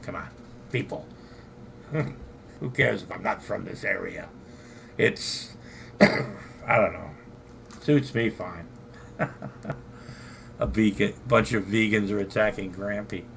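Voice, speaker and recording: An older man from southern california hosts a late-night livestream, talking slowly in a gravelly voice with a bright, sharp edge. he rambles and swears and keeps answering the chat. faint background noise sits under his voice. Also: lowish voice. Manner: profane, rambling, talks back to chat. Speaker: livestream host.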